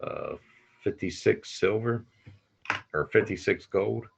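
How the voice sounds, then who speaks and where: A man's voice: lowish voice, slow pace, gravelly, breathy edge. A man playing in a tabletop role-playing game, chatting casually with short, matter-of-fact replies. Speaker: player.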